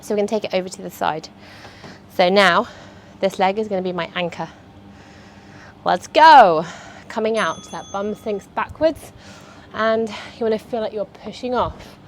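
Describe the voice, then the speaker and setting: A woman's voice: medium pitch, steady tone, moderate pace, a little hiss or hum. A woman, a fitness instructor chatting and cueing movements through a workout.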